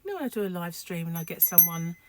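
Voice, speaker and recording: A woman's voice: lowish voice, sing-song, fast talker, background noise. A sleep-deprived woman, rambling casually to camera in a home vlog, full of fillers and restarts. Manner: rambling, chatty, many fillers. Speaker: vlogger.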